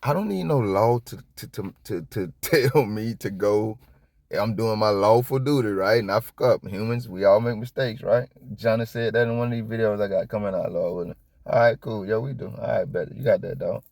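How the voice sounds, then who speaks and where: A man giving casual reaction commentary on a police video, rambling and profane, with sudden high-pitched outbursts. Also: a little fast, gravelly, darkish tone, no room sound, clean studio sound. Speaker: copwatch commentator.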